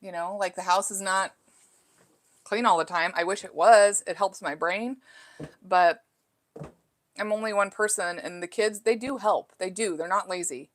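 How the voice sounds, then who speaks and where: A woman's voice: mid-range voice, moderate pace, pauses often. A middle-aged woman hosting a casual live chat from home, reading viewer comments aloud and musing on her life with fillers and restarts. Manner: chatty and self-reflective, with frequent fillers. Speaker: live stream host.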